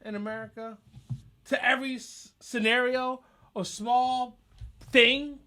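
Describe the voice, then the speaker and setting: A middle-aged man hosts a podcast in a profane, comedic rant. His voice sits high and sounds bright and forceful. He talks loudly and animatedly, often rising into shouts. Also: a little slow, pauses often. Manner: loud, animated, swings into shouting. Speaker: podcast host.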